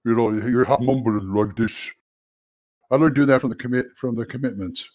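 A man's voice: mid-range voice, a little fast, darkish tone, muffled recording. A man from California chats casually on a podcast. He is a stage actor with a playful manner and a fondness for accents. His voice sits in a middle range. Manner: playful, likes doing accents. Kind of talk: casual chat.

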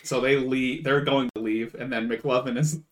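A man's voice: medium pitch, steady tone, moderate pace, fairly bright tone. A man co-hosting a podcast, casually recapping a movie and acting out characters' lines with laughs. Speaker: podcast co-host.

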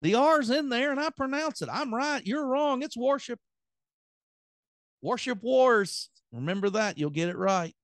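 A man's voice: extremely high pitch, sing-song, moderate pace, hardly any pauses, fairly bright tone, no room sound, clean studio sound. A man with a Southern accent preaching an earnest, plain-spoken sermon on his podcast.

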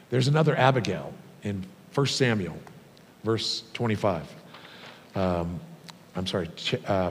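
Low-voiced preacher man in a reverberant hall. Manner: storytelling, conversational with many fillers. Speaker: pastor. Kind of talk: sermon. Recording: long hall reverb, faint rumble.

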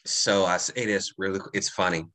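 A woman's voice: a bass voice, fairly even intonation, normal speed, fairly bright tone. A woman hosting a podcast interview, speaking emphatically and giving frequent affirmations. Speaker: podcast host. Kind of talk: casual interview conversation.

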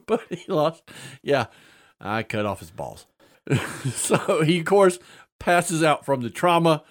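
A man's voice: fairly high pitch, sing-song, slow. A man casually telling a funny tabletop-game story, padding it with filler sounds and breaking into laughter.

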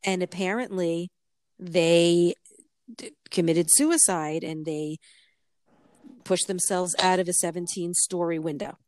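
A woman's voice: takes it slowly, darkish tone, dry recording, studio quality. Chatty middle-aged woman telling stories. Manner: rambling storyteller, frequent restarts and laughter, swinging pitch when quoting. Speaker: co-host of a chat show. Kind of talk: casual chat.

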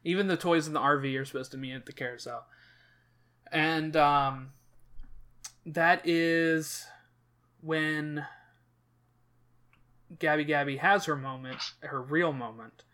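A man's voice: fairly high pitch, takes it slowly, pauses often, pushed and bright. A man hosting a casual podcast chat, retelling a movie plot in a rambling way full of fillers and restarts. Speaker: podcast host.

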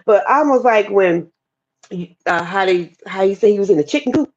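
A woman telling a personal testimony story in a lively, expressive way, talking straight to her listeners. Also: medium pitch, normal speed. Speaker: guest speaker sharing testimony. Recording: dull lo-fi podcast audio.

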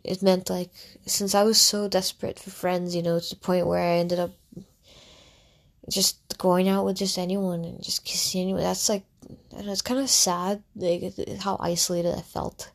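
A woman's voice: on the low side, level tone, normal speed, creaky. A young woman, a content creator, telling a candid personal story in a casual, rambling way, full of fillers and restarts. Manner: candid and reflective.

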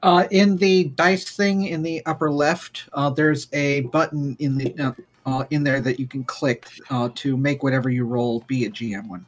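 A man playing a tabletop game on an online voice call, speaking hesitantly with many "uh" pauses. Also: medium pitch, steady tone. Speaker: player. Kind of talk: casual tabletop play.

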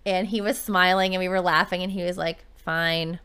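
A woman's voice: fairly low pitch, flat delivery, a little fast, fairly bright tone, smooth. A woman talking as a podcast host and running coach, chatting casually and telling a story in an upbeat way.

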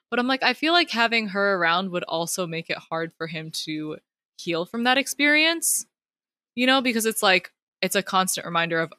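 A woman's voice: on the high side, bright, forceful tone, dry recording. A young woman, a teacher, chatting casually about a book on a review podcast, upbeat and full of "like" fillers.

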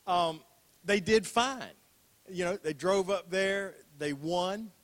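A man's voice: high voice, takes it slowly. Older male pastor, conversational sermon. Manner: conversational, repeats phrases, asks rhetorical questions.

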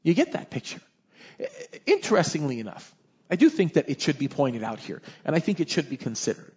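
A male pastor preaching a sermon in a lively, conversational way, often tossing in "right?" asides. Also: fairly high pitch, brisk, slightly rough, highs cut off.

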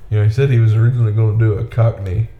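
A man co-hosting a casual movie commentary chat, laid-back and quick to quote characters in asides. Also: lowish voice, steady tone, phone-quality sound. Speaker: podcast co-host. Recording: echoey room with faint background noise.

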